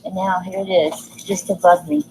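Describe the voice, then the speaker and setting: Awestruck, shaky woman, low voice. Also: steady tone, moderate pace, dark tone, a little hiss or hum, low-quality recording. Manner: awestruck, trembling. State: shaking with emotion. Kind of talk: awed live commentary.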